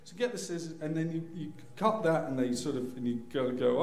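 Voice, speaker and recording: A man telling a humorous personal story to an audience, acting out scenes with sudden loud cries. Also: a little high, brisk. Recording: echoey room.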